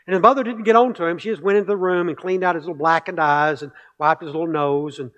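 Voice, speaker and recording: A man's voice: on the high side, fairly even intonation, fast talker, a bit bright, highs cut off. A male pastor preaching a sermon, emphatic, repeating key phrases and building with rhetorical questions.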